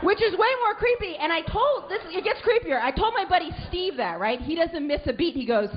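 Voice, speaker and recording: A woman's voice: very high voice, very animated, normal speed, background noise. A woman doing a confessional, self-mocking stand-up comedy set. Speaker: stand-up comic. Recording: muffled club recording with crowd.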